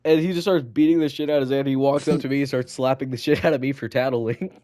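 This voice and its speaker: A man's voice: mid-range voice, steady tone, fast talker, dark tone. A teenage boy co-hosting a podcast, telling stories in a rambling, casual way full of fillers and swearing. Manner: rambling, swearing, many fillers, acts out voices in his stories. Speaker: podcast co-host. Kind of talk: casual storytelling chat.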